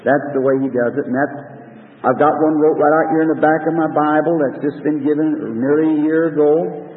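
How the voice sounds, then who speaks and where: Folksy preacher on a tinny hall recording. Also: male voice, fairly high pitch, fairly even intonation, a little fast. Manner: folksy, rambling, earnest preaching with rural grammar. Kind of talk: old-time revival sermon. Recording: tinny distant recording with long hall reverb.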